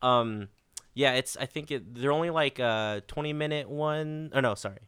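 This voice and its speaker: Bright, crisp-voiced man chatting. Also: mid-range voice, moderate pace, dry recording. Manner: rambling, chatty with fillers. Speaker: podcast co-host. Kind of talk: casual chat.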